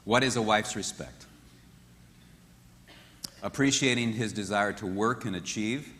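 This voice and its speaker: A man teaching a marriage seminar in an animated way, often acting out what spouses say. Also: on the low side, unhurried. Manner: animated, acts out quoted voices. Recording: echoey hall with long reverb.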